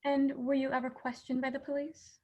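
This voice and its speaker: A woman acting as prosecuting counsel in a mock trial over a video call, asking brisk, direct questions. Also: high voice, little pitch movement, warm tone, lo-fi sound. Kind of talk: courtroom direct examination.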